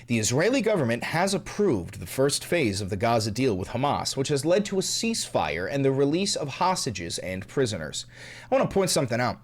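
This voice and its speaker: Angry sweary guy ranting about the news, voice jumps all over, drops low then yells. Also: big pitch swings, fairly quick. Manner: profane, angry and sarcastic; swings between low asides and raised shouting. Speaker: political commentary host. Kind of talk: ranting political commentary.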